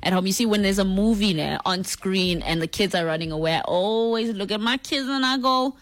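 A lively woman hosting a casual talk show. She chats, laughs and reads listener messages aloud. Her voice is mid-pitched and dry, recorded close with no room sound. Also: fairly quick, dry recording. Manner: lively, laughing, acts out family scenes. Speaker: radio talk show host. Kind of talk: casual on-air chat, reading listener messages.

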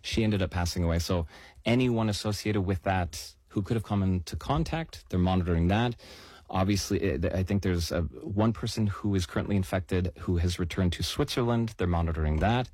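A man with a very low, husky voice walks through the facts in a measured, explanatory way. He leans on key words for emphasis. The sound is dry and close. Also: darkish tone, no room sound. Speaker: news explainer guest. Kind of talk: explanatory talk-show chat.

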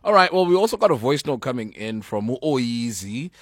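A South African man hosts a chat show, easygoing and teasing. His mid-pitched voice moves up and down a lot. The sound is dry and close. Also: normal speed, dry recording. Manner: easygoing, teasing, lively intonation. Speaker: radio host. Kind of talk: casual chat.

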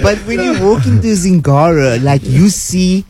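A man talking as a guest in a casual chat, often pausing to search for the right words. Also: high voice, lively intonation, a crowd in the background. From South Africa.

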